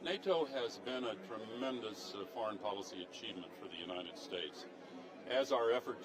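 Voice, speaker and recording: A man speaks in a slow, deliberate, halting cadence in a TV news interview. His voice is fairly low. Crowd noise is clearly heard behind him. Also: rough recording. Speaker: former politician interviewed on news.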